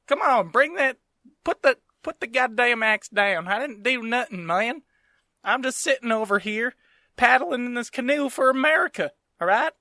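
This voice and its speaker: A man's voice: very high-pitched, animated, fairly quick, few pauses, pushed and bright, dry recording, studio quality, pitched above the performer's own voice, exaggerated voice. A man putting on a brash, whiny redneck drawl to play a young George Washington. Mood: defensive rant.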